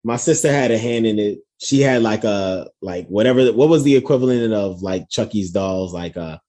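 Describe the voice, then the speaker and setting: A man co-hosting a podcast, telling a story in an expressive, giggly way. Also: lowish voice, moderate pace. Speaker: podcast co-host. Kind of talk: casual chat.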